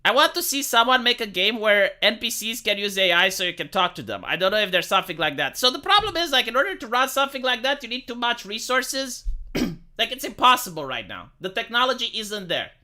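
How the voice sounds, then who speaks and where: Sharp-toned, brisk, and very animated, this Romanian man's high-pitched voice carries a casual rant to his live-stream audience. Profanity flows freely. He stammers, repeating words as he gets worked up.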